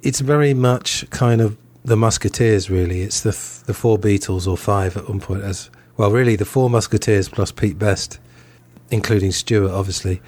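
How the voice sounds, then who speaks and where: A man's voice: fairly low pitch, normal speed, a little mellow. A man hosting a podcast in a casual review chat, talking loosely and hedging often. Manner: chatty and loose, hedges often. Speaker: podcast host.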